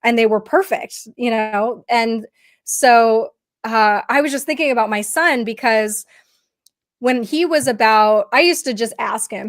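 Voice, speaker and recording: Woman co-host, raised voice, animated storyteller, chatty and halting. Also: a little high. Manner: animated storyteller with many fillers and restarts. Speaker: podcast co-host. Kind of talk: casual conversational storytelling.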